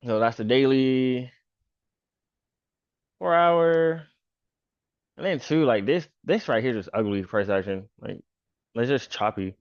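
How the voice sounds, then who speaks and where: Casual male trader host, mid-pitched and loose-spoken, dull, dry recording. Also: slow pace, long pauses, no echo. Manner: loose, filler-heavy talk with "pretty much" and "bro". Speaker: stock trader and channel host. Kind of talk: casual chart walkthrough.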